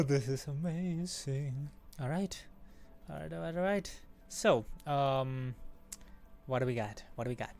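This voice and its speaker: A woman streaming a game, chatting excitedly while pulling for rewards, squealing and laughing at good results and muttering when they are bad. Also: deep voice, a little slow, soft background music. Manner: squealing bursts of excitement, then deflated mumbling. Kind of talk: excited gacha-pull stream chat.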